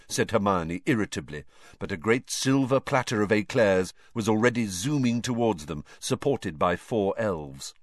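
A man reading a novel aloud as an audiobook, very expressive and acting out every character. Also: low-pitched, moderate pace, dry recording, studio quality. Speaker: audiobook reader. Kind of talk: scripted audiobook narration.

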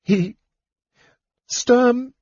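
A man voicing a young elf woman who speaks in a high, breathless, urgent way in an audiobook. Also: moderate pace, dark tone, husky, no room sound, lo-fi sound, lightly acted. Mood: shaken. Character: young elf woman, earnest, pleading, desperate. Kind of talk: audiobook character voice.

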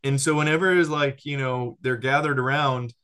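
Animated man teaching on discipleship. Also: mid-range voice, moderate pace, clear, resonant tone. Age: adult with a child. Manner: animated, lots of restarts and "right?" check-ins.

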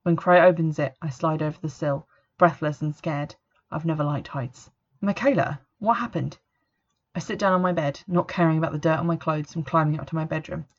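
A woman reading a first-person story as narrator, in a steady, even manner, on a dull lo-fi recording. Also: deep voice, fairly quick, few pauses. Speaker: audiobook narrator.

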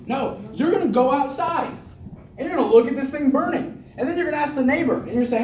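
A high-pitched man pumps up his team with a hyped, repetitive motivational talk and laughs often. He stands a little way from the mic, and his voice echoes around the room. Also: fast, distant mic, a little hiss or hum. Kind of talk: motivational speech to a group.

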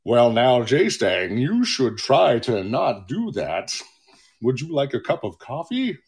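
A man imitating a laid-back woman producer with a slow, soothing drawl. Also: mid-range voice, sing-song, slightly rough, heavily acted. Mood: mellow.

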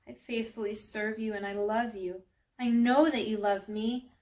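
A woman's voice: a little high, fairly even intonation, unhurried, darkish tone, close to an everyday voice. A woman reading a children's storybook aloud, voicing a devout, sorrowful woman who speaks earnestly and pleadingly.

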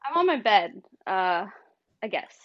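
A woman's voice: medium pitch, sing-song, a little slow, dry recording, dull audio. A woman in her thirties, a guest in a casual chat, rambling through a story with plenty of fillers and giggles. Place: on her bed.

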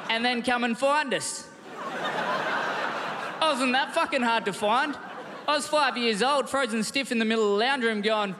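A man's voice: sits high, noisy background. A man in his thirties with an Australian accent, doing a laid-back, self-mocking stand-up set. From Western Australia. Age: 30s. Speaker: stand-up comedian. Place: large comedy festival theatre. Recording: reverberant theatre with loud crowd.

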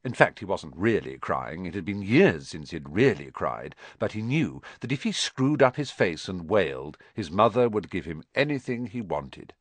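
A man reading a children's novel aloud as an expressive, measured audiobook narrator. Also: sits low, no room sound. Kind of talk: scripted storybook narration.

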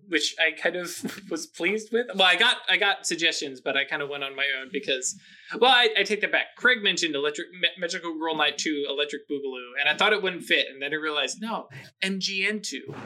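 A man's voice: fairly high pitch, pushed and bright. A man running a tabletop game and wrapping up the show as host, rambling with lots of fillers and small chuckles. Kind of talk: tabletop game wrap-up chat.

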